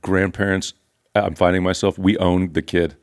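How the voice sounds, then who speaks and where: A man's voice: low voice, level tone, moderate pace, clean tone. An older man, a pastor, teaching from scripture in an earnest, emphatic conversational way. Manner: earnest, emphatic, repeats phrases for stress.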